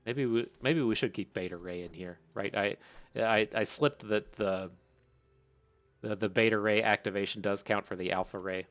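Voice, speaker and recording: A man's voice: on the low side, moderate pace, fairly bright tone. A man giving casual commentary while playing a video game, rambling, repeating words and swearing now and then. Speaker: gaming streamer.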